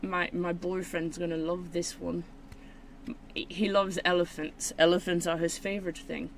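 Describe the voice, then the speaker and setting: Woman host, card-opening video: slow, meandering, self-mocking talk, faint noise behind her. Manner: rambling, self-mocking, with sudden high excited squeals. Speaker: channel host.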